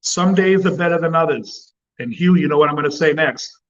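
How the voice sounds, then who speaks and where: A man's voice: on the high side, fairly quick, highs cut off. A man hosting a cigar channel, chatting casually and bluntly with plenty of swearing. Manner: blunt and profane. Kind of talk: casual livestream chat.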